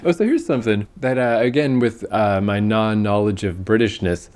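A man's voice: lowish voice, normal speed, a little mellow. A man co-hosting a casual TV recap podcast, rambling loosely, laughing often and swearing freely. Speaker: podcast co-host.

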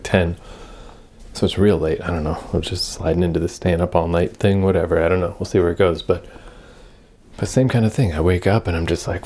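A young man talks to his camera in a loose, rambling way, thinking aloud and swearing freely. His voice sits low and has a husky, slightly rough grain. The tone is dark and mellow. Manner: rambling, self-reflective, swears often. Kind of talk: casual personal vlog monologue.

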